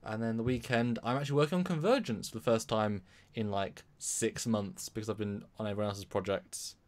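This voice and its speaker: A man's voice: lowish voice, a little fast. Chatty man rambling on a live stream. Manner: rambling, with many restarts and repeated words. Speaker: livestream co-host. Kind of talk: casual live-stream chat.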